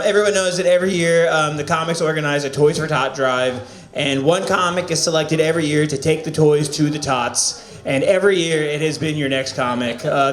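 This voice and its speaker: A man's voice: a little high, a bit bright. A man hosting an open mic, teasing the last comic and introducing the next one. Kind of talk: emceeing between comics. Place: small room at a comedy open mic. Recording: echoey room with crowd. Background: audience.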